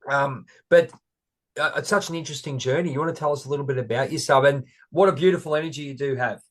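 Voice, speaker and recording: A man's voice: mid-range voice, quick pace. A middle-aged Australian man hosting a casual interview, chatty and self-deprecating, rambling with fillers. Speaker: podcast host.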